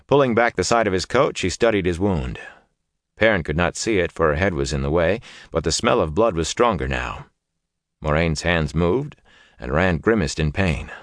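A deep-voiced man reads a fantasy audiobook in a measured, even way. The recording is dry and close, with almost no room sound. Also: dry recording. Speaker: audiobook narrator. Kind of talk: scripted fantasy narration.

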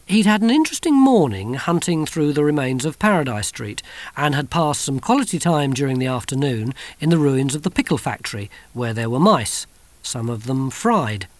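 A man reading a novel aloud in measured, wry audiobook narration. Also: mid-range voice, sing-song, dry recording.

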